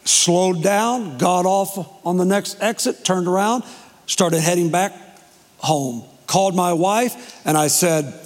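A man preaching as pastor, telling a personal story emotionally with dramatic pauses. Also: high-pitched. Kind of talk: testimony sermon. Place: church sanctuary. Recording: long hall reverb.

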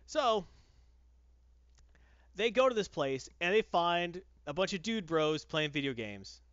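A man's voice: sits high, sing-song, slow, fairly bright tone, clear, resonant tone, dry recording, muffled recording. A man reviewing a comic book in casual podcast chat, with sarcastic, exasperated ranting.

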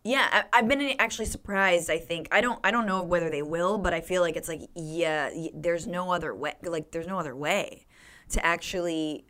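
A woman's voice: on the low side, moderate pace, a bit bright. Blunt, sarcastic woman in casual chat. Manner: blunt, sarcastic, swears freely. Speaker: podcast guest.

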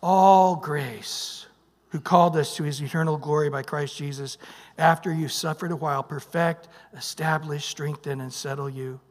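A male pastor preaching a sermon, emphatic, swinging from loud bursts to hushed near-whispers and prompting the congregation with "what?". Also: fairly high pitch, fairly even intonation, moderate pace, long reverb tail. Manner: emphatic, calls out "what?" for the congregation to fill in verses. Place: church sanctuary.

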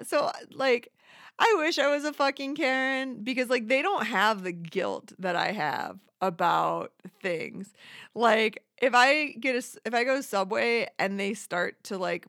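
A woman's voice: mid-range voice, gravelly, a bit bright, no room sound, clean studio sound. A woman ranting in a casual, profane, rambling way, self-deprecating and acting out other people's voices as she goes. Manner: acts out quoted voices. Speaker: monologuist. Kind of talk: casual rant.

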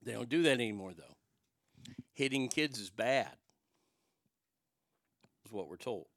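A middle-aged man telling a long personal story in a profane, wisecracking way, with quick asides and voices for the people in it. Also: medium pitch, expressive, fairly bright tone. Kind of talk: casual storytelling monologue.

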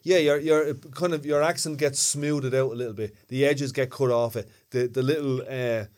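A man's voice: medium pitch, fairly even intonation, moderate pace, a little mellow. Reflective Dublin man in easy chat. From Ireland. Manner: reflective, agreeable, explains with examples. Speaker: podcast co-host. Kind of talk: casual chat.

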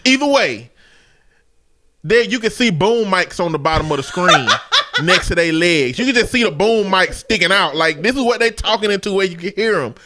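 A man's voice: high-pitched, animated, moderate pace, heavy background noise. A man co-hosting a casual podcast, bluntly and profanely critiquing a film's production. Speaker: podcast co-host. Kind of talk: casual movie review chat.

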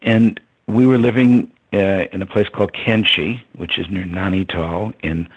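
Husky-voiced older man telling a story. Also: low-pitched, steady tone, measured pace, rough recording. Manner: reflective, chuckling, with fillers. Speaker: interview guest. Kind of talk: storytelling in an interview.

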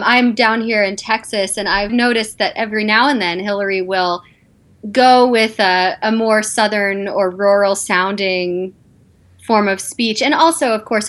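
A woman's voice: medium pitch, a bit bright. A woman speaking in a thoughtful, conversational way as a guest on a podcast panel discussion.

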